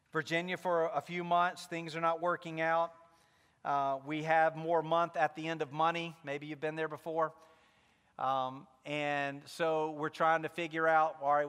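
A man's voice: a little high, a bit bright, clean tone, big-room sound. A man preaching a sermon as pastor, telling a personal story with candid asides and building to fervent emphasis.

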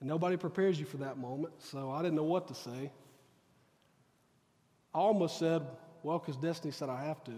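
A man's voice: a little high, moderate pace, pauses often, mellow, big-room sound. A man preaching a sermon, telling a personal story earnestly and acting out the dialogue. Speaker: pastor. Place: church sanctuary.

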